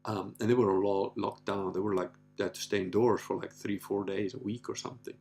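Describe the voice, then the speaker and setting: A man hosts a casual livestream, reading viewer comments aloud and rambling in a profane, offhand way full of "you know" and "like". His voice is on the low side, a little mellow, with vocal fry, fairly even intonation and a brisk pace.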